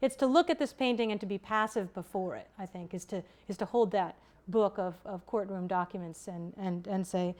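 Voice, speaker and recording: A woman's voice: mid-range voice, darkish tone. A woman historian giving an academic lecture, thoughtful and explanatory, often restarting and correcting herself mid-sentence. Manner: halting, self-correcting, many restarts.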